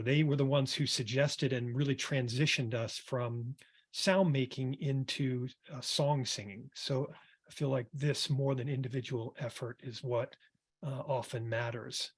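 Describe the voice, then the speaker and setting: A man, a music therapist, reading a passage from his book aloud in a calm, reflective way, then turning to a panel. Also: medium pitch. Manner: calm, reflective, with some hesitant fillers.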